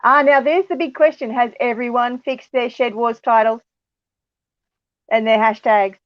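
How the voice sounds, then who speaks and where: A woman hosting a casual online chat, with a high voice and a chatty, giggly manner. The sound is dry and close. The audio is slightly dull, like a lo-fi call. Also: fairly even intonation, a little slow, no echo. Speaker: channel host.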